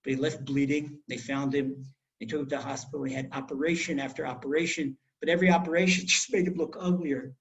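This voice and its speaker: A middle-aged man giving a Torah class, telling stories in a lively way and acting out the quoted speech. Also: fairly high pitch, fast talker, muffled recording. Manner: animated storyteller, acts out quoted speech. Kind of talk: storytelling Torah lecture. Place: home in Israel.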